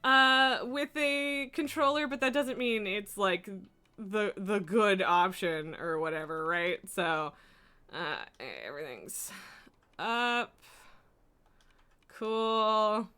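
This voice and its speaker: A woman's voice: medium pitch, takes it slowly, bright, forceful tone, clear, resonant tone. A woman streaming from home, chatting casually and cooing baby talk at her cats. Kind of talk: casual live-stream chat. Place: home room.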